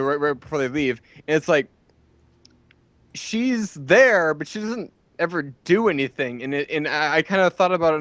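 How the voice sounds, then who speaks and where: A man on a podcast asking a long question, hesitant and full of pauses. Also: fairly high pitch, fairly bright tone, no echo. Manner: hesitant, many ums and restarts. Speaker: podcast co-host. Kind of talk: casual chat, asking a question.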